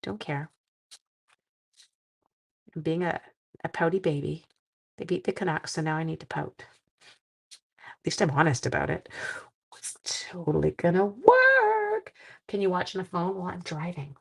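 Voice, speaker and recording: A woman's voice: on the low side, creaky, husky. A middle-aged woman hosting a live stream, chatting casually with viewers and reading their comments while she makes cards. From Canada. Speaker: live-stream crafting host.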